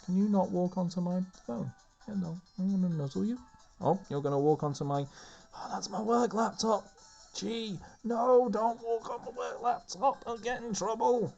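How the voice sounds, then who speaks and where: A man's voice: high voice, moderate pace, gravelly, a little mellow, lo-fi sound, faint music behind. A man casually commenting on a video game, chatty and rambling, chatting to his cats as he plays. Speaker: let's play host.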